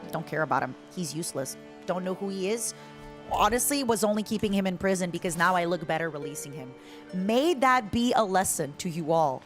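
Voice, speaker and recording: Playful, lively woman streamer. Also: fairly low pitch, a little fast, soft background music. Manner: playful, joking, chatty. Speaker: game streamer. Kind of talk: casual gameplay chat.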